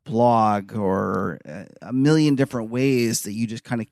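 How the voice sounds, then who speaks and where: A man co-hosting a markets podcast in casual, animated chat, full of "like" fillers. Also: fairly low pitch, a little slow, vocal fry, no echo, studio quality. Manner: animated, chatty, many "like" fillers. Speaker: podcast co-host.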